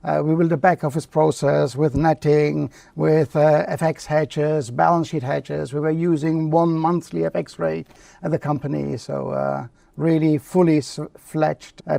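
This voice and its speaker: A man's voice: fairly high pitch, steady tone, normal speed, vocal fry, dark tone, dry recording, distant mic. A man speaking as a guest on a live panel, recounting his career in a matter-of-fact, step-by-step way. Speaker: panel guest, treasury leader.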